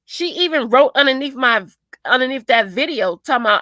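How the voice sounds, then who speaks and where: Bright-voiced woman venting in heated chat. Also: high voice, a little fast, no room sound. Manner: animated, swearing, quotes others in put-on voices. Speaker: co-host. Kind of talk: heated casual commentary.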